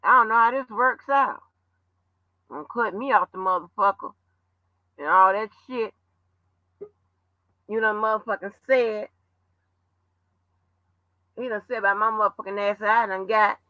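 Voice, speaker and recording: A man hosting a live stream, loud, taunting and profane as he rants at someone. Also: sits high, normal speed, long pauses, no echo. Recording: dull lo-fi dry stream audio.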